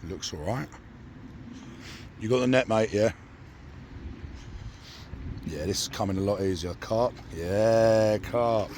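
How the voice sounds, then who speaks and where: A man with a croaky voice, chatting and bantering as he commentates a fishing session outdoors. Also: fairly low pitch, slow, pauses often, darkish tone, a little hiss or hum. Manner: banters and asks questions. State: croaky after losing his voice to a cough. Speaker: angler and channel host. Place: lakeside outdoors.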